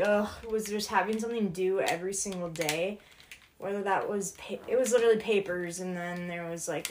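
A young woman vlogs from home, chatting casually while she packs and moves around. Her voice is medium-pitched over a noisy background, and she rambles with plenty of fillers and restarts, laughing often.

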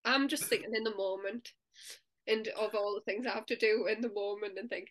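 A woman's voice: medium pitch, fairly even intonation, fairly quick, a bit bright. A woman co-hosting a casual chat, talkative and laughing often, full of "like" fillers. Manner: chatty, laughs often, many "like" fillers, acts out inner voices. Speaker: podcast co-host.

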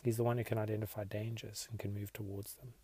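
A man hosting a podcast, leading listeners in a slow, reflective devotional meditation. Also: fairly low pitch, flat delivery, husky. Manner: slow, reflective, soft-spoken. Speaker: podcast host.

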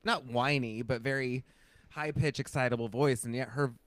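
A man's voice: medium pitch, fairly even intonation, normal speed, dry recording. A man co-hosting a podcast in casual chat, rambling and full of fillers. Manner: chatty, rambling with many fillers. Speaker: podcast co-host.

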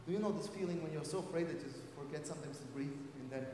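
A man preaching a sermon to a live audience, moving from loud calls to hushed storytelling. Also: a little high, rapid-fire, noisy background. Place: large hall. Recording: echoey hall from a distance.

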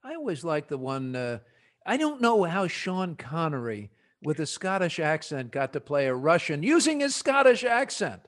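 A male podcast host with a New Jersey accent and a fairly high voice. He runs the panel in an animated, jokey way. He fires quick questions at his guests. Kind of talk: casual panel discussion.

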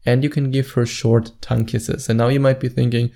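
A man's voice: mid-range voice, little pitch movement, fairly quick, creaky, hardly any pauses, dark tone. A man giving dating advice straight to camera in a confident, instructive way, stretching words out for emphasis. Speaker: dating coach. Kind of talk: direct-to-camera advice monologue.

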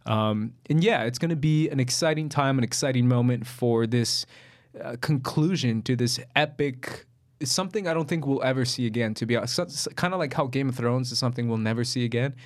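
A man's voice: mid-range voice, brisk. Playful young man bantering. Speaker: podcast co-host. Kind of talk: casual chat.

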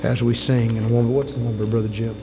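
A man's voice: medium pitch, little pitch movement, fast talker, music in the background. Preacher man dramatizing a sermon. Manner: dramatic storytelling, acts out quotes, rising to shouts then dropping to whispers. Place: church sanctuary. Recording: long hall reverb, faint hum.

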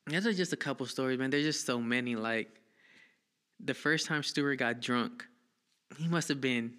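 A man casually telling a childhood story, animated and profane, acting out the people he quotes in a raised voice. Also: mid-range voice.

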